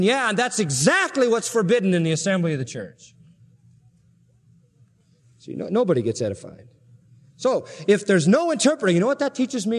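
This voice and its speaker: A man's voice: high-pitched, big pitch swings, moderate pace, long pauses. A man preaching a sermon with emphasis and rhetorical questions, in a large church hall. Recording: long hall reverb.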